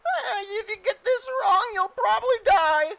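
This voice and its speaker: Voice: extremely high pitch, expressive, a little slow, creaky, fairly bright tone, voice pushed up, full character voice, rough recording. A game master voicing a crowd of nervous, whiny goblins who keep wailing. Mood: alarmed.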